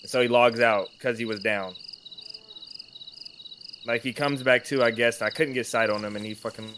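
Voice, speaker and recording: A man telling an animated story in casual chat over a team voice call while gaming, swearing freely. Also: mid-range voice, normal speed, background noise. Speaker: gamer recording his play.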